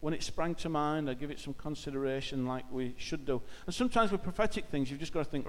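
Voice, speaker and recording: A man's voice: a little high, animated, fairly quick, hardly any pauses, a bit bright. Hesitant man preaching in a hall. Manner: conversational, hesitant, many fillers. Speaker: church speaker. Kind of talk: informal sermon talk.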